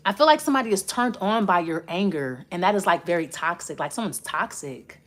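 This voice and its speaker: A woman's voice: fairly low pitch, expressive, fairly quick. A woman giving a casual spoken tarot reading, blunt and profane, rambling and restarting as she talks straight to the listener. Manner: rambling, with many restarts while reading cards. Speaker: tarot reader.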